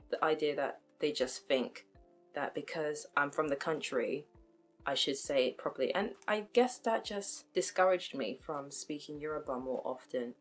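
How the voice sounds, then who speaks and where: A woman talks straight to camera, chatty and frank. She laughs at herself and restarts her sentences. Soft music plays faintly behind her. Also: deep voice. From United Kingdom. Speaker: vlogger. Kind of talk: casual commentary to camera.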